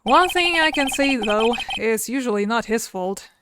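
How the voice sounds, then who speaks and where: A woman's voice: on the high side, animated, a little slow, heavy background noise. A woman voicing an earnest young male rookie defense lawyer, reading the game text aloud. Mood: narrating.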